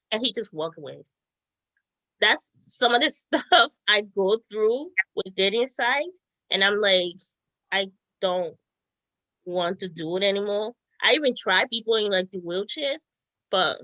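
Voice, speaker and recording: A young woman chatting as a guest, telling stories in a lively way and laughing often. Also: medium pitch, unhurried, no echo, rough recording. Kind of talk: casual chat.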